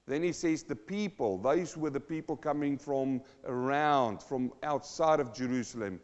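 A man's voice: mid-range voice, normal speed. A male pastor preaching a verse-by-verse sermon, dramatically acting out the voices in the passages. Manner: dramatic, acts out the scripture voices with rising intensity. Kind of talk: sermon, verse-by-verse Bible teaching. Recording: dull lo-fi sound, long hall reverb.

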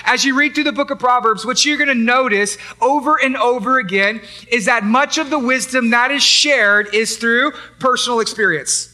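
A man's voice: extremely high pitch, moderate pace, pushed and bright. A man preaching a sermon to parents, emphatic and repetitive, asking the crowd rhetorical questions. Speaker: pastor.

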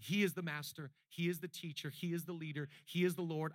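A man's voice: a little high, fairly even intonation, fast, few pauses, fairly bright tone, no echo, studio quality. A man preaching a sermon as pastor, talking casually and building to emphatic, repeated lines.

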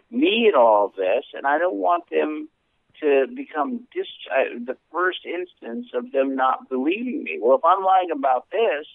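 A man's voice: mid-range voice, vocal fry, no echo. Man reading a letter, tinny sound. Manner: reads letter earnestly, stumbles and restarts. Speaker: podcast co-host. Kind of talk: reading a listener letter, then casual chat.

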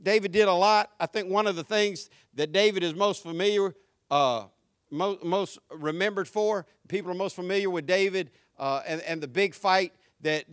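A very high-pitched male preacher with a bright, forceful tone, talking conversationally and then building up to shouted peaks. The sound is close and dry, with no room echo. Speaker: pastor. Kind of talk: sermon.

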